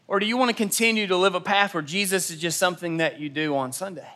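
A man's voice: high voice, fast talker, bright, forceful tone. A young man preaching a sermon in a church, telling personal stories and acting out the dialogue in them. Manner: storytelling, acts out quoted dialogue. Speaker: pastor. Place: church auditorium.

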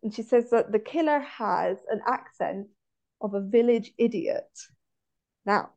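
A woman's voice: a little high, measured pace. Ranting West Country woman, lo-fi. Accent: West Country English. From West Country, England. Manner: animated, ranting, laughs often. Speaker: podcast co-host. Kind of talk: casual film chat. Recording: dull lo-fi audio.

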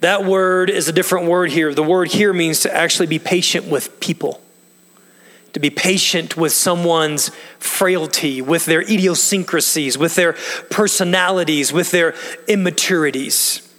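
A man's voice: on the high side, steady tone, normal speed, a bit bright. A man preaching a sermon as pastor, earnest and emphatic, asking the congregation questions as he explains a passage. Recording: long reverb of a large hall.

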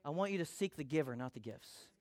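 A middle-aged man preaching a sermon as pastor, conversational and animated, acting out little quotes. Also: a little high, fast talker.

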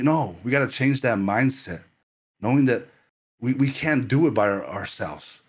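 A man's voice: mid-range voice, lively intonation, normal speed, slightly rough. A man preaching a sermon to a livestream audience, earnest and full of stammered repetitions.

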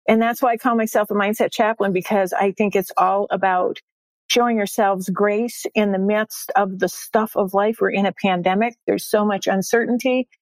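A woman's voice: medium pitch, steady tone, moderate pace, dry recording. A woman in her sixties, a success coach and podcast guest, talking upbeat and emphatic, often repeating her key phrases. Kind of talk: podcast interview.

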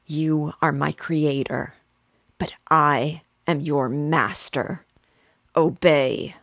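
A woman's voice: low-pitched, steady tone, drawn-out words, a bit bright, no room sound, clean studio sound, full character voice. Woman reading as a vengeful outcast creature. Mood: commanding. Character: wretched vengeful male creature, bitter and menacing.

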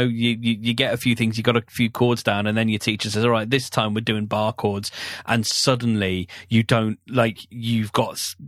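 A man's voice: on the low side, no room sound, studio quality. A man in a casual interview, talking hesitantly with many restarts and a wry humour.

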